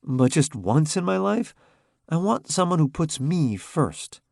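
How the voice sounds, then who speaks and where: A guarded young woman, as a man puts her on for an audiobook, quiet and certain in her words. The pitch sits well above his natural voice with a faint gravel, recorded close and dry. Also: very animated, measured pace, no echo, full character voice.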